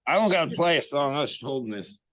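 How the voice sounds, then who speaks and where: A laid-back man chats casually as a guest, his slightly high voice rising and falling in a lively way. He sounds easily amused and relaxed. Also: fast. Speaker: guest musician. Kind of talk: casual chat.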